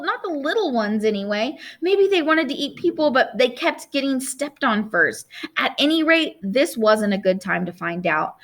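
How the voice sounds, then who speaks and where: A woman reading a novel aloud like a teacher, expressive, stopping for chatty asides to her listeners. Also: high voice.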